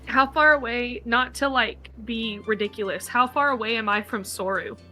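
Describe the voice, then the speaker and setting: A woman playing a tabletop game, excitable and giggly, reacting emotionally to the story. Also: a little high, moderate pace. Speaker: player. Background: soft background music.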